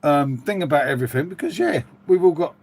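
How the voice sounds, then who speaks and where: Speaking fast and animatedly in a slightly high voice, a middle-aged English livestream host rambles to his viewers. His tone is chatty and matey as he reads out their comments.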